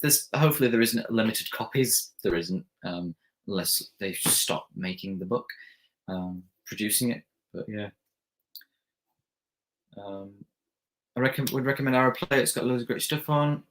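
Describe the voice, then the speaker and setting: A man's voice: on the low side, normal speed, pauses often, a bit bright. A young man hosting a live stream, reading viewer comments aloud and rambling casually with lots of fillers and restarts.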